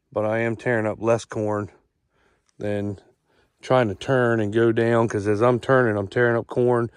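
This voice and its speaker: A middle-aged farmer with an Eastern Shore accent talks his way through a cornfield, plain-spoken and repetitive, circling back to the same point. His voice sits at an ordinary pitch, recorded outdoors with a dry sound and no room echo. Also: clear, resonant tone. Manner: plain-spoken, repeats himself, explains while walking. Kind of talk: casual vlog walkthrough.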